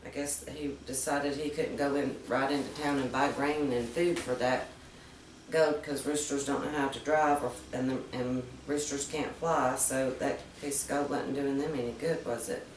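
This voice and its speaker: A woman's voice: rumbling low, fairly even intonation, normal speed, a little hiss or hum. Woman reading fables in a roomy room. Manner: gentle, explains morals with questions. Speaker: storyteller. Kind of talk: reading fables aloud to children. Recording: roomy, distant mic.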